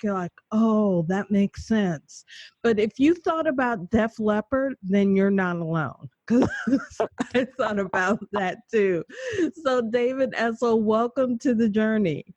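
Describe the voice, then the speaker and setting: A woman hosting a faith interview show, relaxed and conversational, laughing easily. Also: fairly high pitch, a little slow, no room sound. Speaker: host. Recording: dull lo-fi sound, dry.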